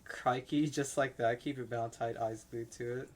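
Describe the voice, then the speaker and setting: A man's voice: mid-range voice, steady tone, moderate pace, close to an everyday voice. A man voicing a brash, slangy bush hunter in a put-on Australian accent. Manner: slangy, loud and breezy. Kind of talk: reading game dialogue aloud.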